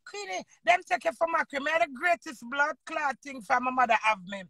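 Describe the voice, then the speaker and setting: A Jamaican woman in her fifties, an entertainer and host, ranting loudly in an unscripted live video and swearing freely. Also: high voice, animated, fairly quick, gravelly, no room sound. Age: 50s. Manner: loud, combative, swearing freely.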